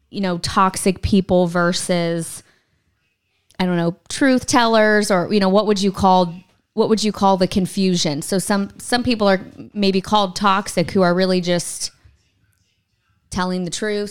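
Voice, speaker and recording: A woman's voice: mid-range voice, measured pace, clean tone. A woman co-hosting a faith podcast, reading aloud and chatting thoughtfully. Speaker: podcast co-host. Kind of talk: casual chat.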